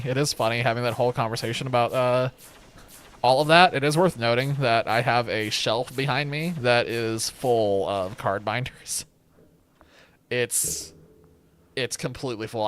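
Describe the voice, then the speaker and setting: A man's voice: medium pitch, a bit bright. A young man streaming a game from home, rambling in casual commentary with wry, sarcastic asides. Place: home room with a webcam.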